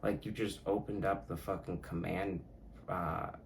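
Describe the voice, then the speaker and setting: A man's voice: low-pitched, steady tone, a little slow, creaky, slight background noise. A man hosting his own podcast, talking casually in a rambling, profane way that often corrects itself. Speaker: podcast host. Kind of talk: casual solo podcast talk.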